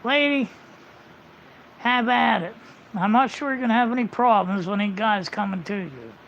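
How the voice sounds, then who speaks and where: A man's voice: sits high, moderate pace, gravelly, a bit bright, slight background noise. A man livestreaming a casual, rambling monologue, blunt and full of swearing, on muffled lo-fi audio.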